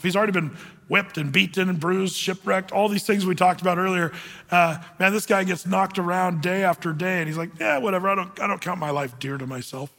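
A man preaching a conversational sermon, with many fillers and slow scripture readings. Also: high voice, a bit bright, in a large hall. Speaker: pastor.

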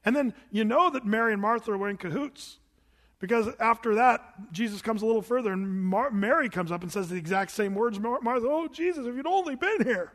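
A man's voice: sits high, fairly quick, a bit bright. A man preaching a sermon in a conversational way, asking the congregation questions and adding wry asides. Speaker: pastor. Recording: long hall reverb.

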